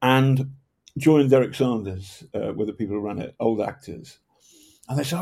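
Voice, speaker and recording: A man's voice: medium pitch, normal speed, creaky, darkish tone, slightly rough. Northern English man, rambling storyteller. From Northern England. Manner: rambling, self-interrupting storyteller with projected voice. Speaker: guest, journalist and author. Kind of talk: conversational storytelling interview.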